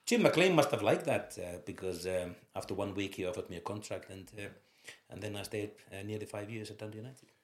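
Low-voiced Finnish man telling stories. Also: fairly quick, hardly any pauses. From Finland. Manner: lively storyteller, laughs through his anecdotes. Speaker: former footballer, guest. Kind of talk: anecdotal interview storytelling. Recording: roomy echo.

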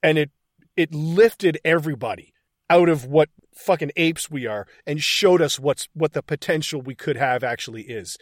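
A man recaps a film scene by scene, swearing freely and getting excited about the acting. His voice sits a little high for a man, and the recording is dry and close. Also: normal speed, dry recording. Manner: excited, profane retelling of scenes. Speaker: podcast host. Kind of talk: casual film recap chat.

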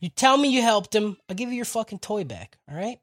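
A man's voice: high-pitched, big pitch swings, fairly quick, a bit bright, exaggerated voice. A man doing a crude bossy woman. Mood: taunting. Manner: blunt, profane. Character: bossy crude adult woman scolding kids.

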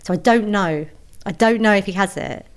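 A woman's voice: mid-range voice, normal speed. A woman, an author telling a story in a casual interview, chatty and self-deprecating with many restarts. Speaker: author guest.

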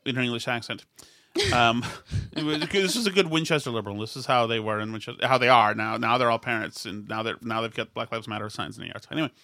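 A man's voice: mid-range voice, fast, creaky, pushed and bright, no echo, studio quality. A man in his fifties from Massachusetts, hosting a podcast with casual political chat and meandering storytelling full of restarts. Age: 50s. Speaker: podcast host.

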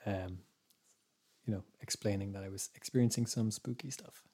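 A man's voice: on the low side, fairly even intonation, moderate pace, dark tone, breathy edge. A man, a podcast co-host telling a story in casual chat, meandering and hesitant, dropping to a whisper for his own thoughts.

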